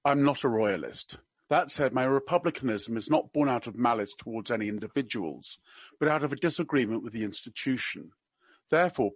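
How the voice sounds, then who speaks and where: A man with a slight RP accent reading a prepared commentary in a measured, wry, deliberate way. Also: mid-range voice, no echo. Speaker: podcast regular.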